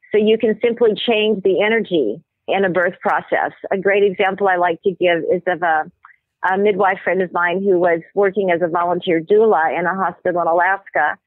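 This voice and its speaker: A woman, a medical anthropologist guest, explaining ideas and telling stories in a measured way with thoughtful pauses. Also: fairly low pitch, no room sound. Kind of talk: explanatory interview talk. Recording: tinny phone-line audio.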